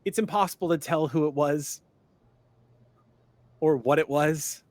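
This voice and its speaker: A man's voice: a little high, measured pace, darkish tone, no room sound. A man narrating a tabletop game as game master, rambling a little with restarts.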